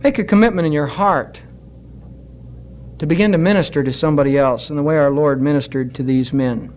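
A male pastor preaching a sermon to his congregation in an earnest, exhorting way, slowing down for emphasis. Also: a little high, darkish tone, slight background noise. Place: church.

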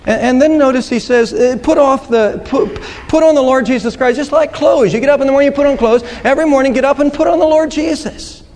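A man with a very high, darkish voice speaks fairly quickly, preaching a sermon earnestly to a congregation. He quotes scripture and tells a story using quoted voices, with long hall reverb on the recording.

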